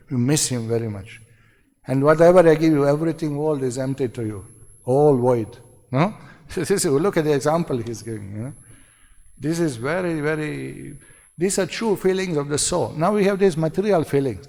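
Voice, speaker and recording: A gravelly, darkish male voice pitched on the high side echoes with long hall reverb. This seminar speaker gives a devotional lecture built from brief, repeated phrases, posing rhetorical questions to those listening.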